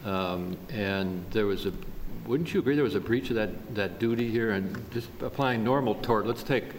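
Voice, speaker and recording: Male judge, low voice, probing interruptions, reverberant courtroom, faint noise. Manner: interrupts and probes, halting restarts. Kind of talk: questioning counsel from the bench. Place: large courtroom.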